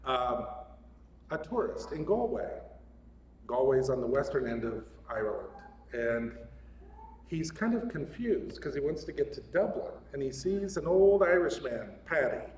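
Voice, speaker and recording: A man's voice: mid-range voice, big pitch swings, measured pace, a little mellow. Male preacher, conversational and jokey, mid-range voice; reverberant hall, distant mic. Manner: chatty, laughs often. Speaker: guest speaker at a spiritual center. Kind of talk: casual, joking sermon. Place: large hall of a spiritual center. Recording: echoey hall, mic at a distance, faint room noise.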